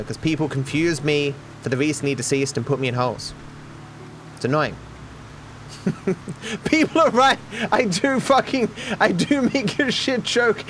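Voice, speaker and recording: A man's voice: sits high, fairly bright tone, a little hiss or hum. A man streaming a game, joking at his own expense, swearing freely and talking to his chat. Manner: joking, profane, self-deprecating, talks to chat. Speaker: gaming streamer. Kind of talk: livestream gameplay commentary.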